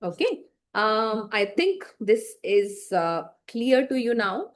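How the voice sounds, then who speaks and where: A woman's voice: a little high, big pitch swings, takes it slowly, a little hiss or hum. A woman teacher giving an online class lecture, explaining with frequent fillers and check-in questions and acting out bad examples to demonstrate.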